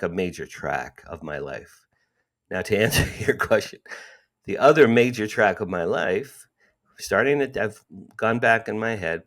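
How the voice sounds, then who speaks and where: A man in his sixties with a fairly low voice tells his story with animation. He acts out the dialogue and repeats himself for emphasis, a guest on an interview podcast. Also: a bit bright. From New Jersey, USA. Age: 60s.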